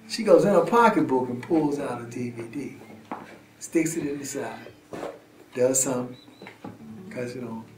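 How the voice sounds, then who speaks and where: Animated man in a roomy echo. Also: medium pitch. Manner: acts out scenes and voices, drops to hushed tones. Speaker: prisoner telling his story. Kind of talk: animated storytelling. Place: prison visitation room, indoors. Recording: roomy echo, faint guitar music.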